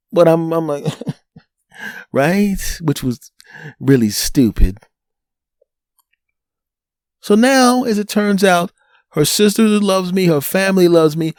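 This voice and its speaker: A Northeastern US-accented man, his voice a little high, hosts a solo podcast in studio quality with no room sound. Animated as he tells a story, he performs the quoted people in it.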